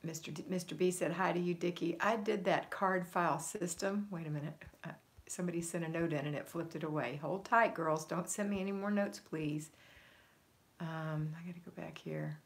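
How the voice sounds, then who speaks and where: Low-voiced woman chatting on a livestream. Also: steady tone, brisk, vocal fry. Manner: warm encouraging, reads comments aloud and answers. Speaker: homemaking coach hosting a livestream. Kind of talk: casual livestream chat reading viewer comments.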